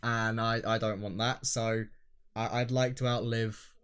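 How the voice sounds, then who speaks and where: A man's voice: lowish voice, flat delivery, unhurried, fairly bright tone, clear, resonant tone. A man co-hosting a podcast in casual chat, talking with fillers and frequent laughs. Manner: chatty, laughs often, hesitant fillers. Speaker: podcast co-host.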